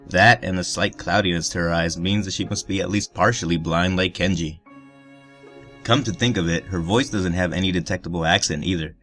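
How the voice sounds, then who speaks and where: Deep-voiced man reading a visual novel aloud. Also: fairly bright tone. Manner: crude, joking asides. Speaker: let's player.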